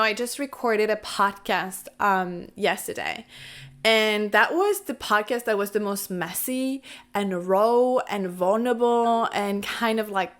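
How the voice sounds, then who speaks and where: A woman's voice: on the high side, a bit bright. A woman vlogger whose first language is not English, talking to camera in a candid, rambling, casual way and swearing now and then. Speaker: lifestyle and spirituality vlogger.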